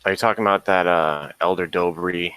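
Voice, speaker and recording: A man's voice: low voice, steady tone, fairly quick, a bit bright, clean tone. A male guest on a live stream, talking in a laid-back, offhand way. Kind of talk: casual chat on a live stream.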